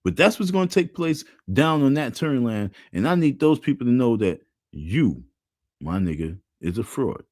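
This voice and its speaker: Animated man ranting on a livestream. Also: mid-range voice, moderate pace, dry recording, studio quality. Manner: animated, repetitive chanting, mocking voices. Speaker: livestream host. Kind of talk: casual livestream rant.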